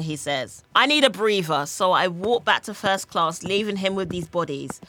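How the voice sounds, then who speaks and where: A woman's voice: on the low side, lively intonation, moderate pace, sharp tone, a little hiss or hum. A young woman, a comedian, telling a dramatic story in a playful way on a panel show.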